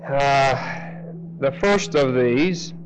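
A man teaching a sermon through a scripture passage in a conversational way. He often checks in with the audience and slows down to stress key phrases. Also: medium pitch, a little hiss or hum, low-quality recording. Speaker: Bible teacher. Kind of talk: expository sermon.

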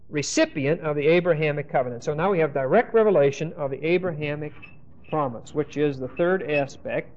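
A Bible teacher with a fairly high, slightly mellow male voice leads a lecture, reading verses aloud, explaining them, and quizzing his class. He keeps checking in with questions and an "okay?" as he goes. The recording sounds dull and lo-fi.

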